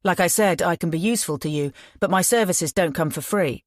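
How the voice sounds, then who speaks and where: A nervous young man bluffing, careful and deliberate words, read by a woman. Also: on the low side, dry recording, clean studio sound, lightly acted. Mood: insistent.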